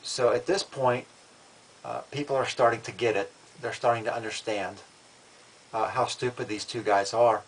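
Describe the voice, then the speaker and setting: A man's voice: mid-range voice, fairly even intonation, normal speed, slight background noise, poor audio. A man talking to camera in a casual vlog, matter-of-fact and defiant, often restarting and repeating words. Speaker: vlogger.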